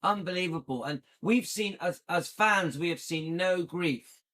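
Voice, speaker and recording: A man's voice: high voice, a little slow, pushed and bright. A man hosting a commentary channel, reacting indignantly and firing repeated rhetorical questions.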